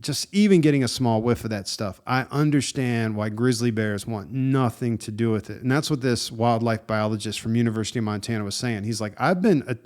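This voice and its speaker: A man hosting a podcast, telling a story in a casual, animated way and often saying "dude" and "man". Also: mid-range voice, fairly quick, hardly any pauses. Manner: animated and conversational, with frequent "dude" and "man", laughs at himself. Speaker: podcast host.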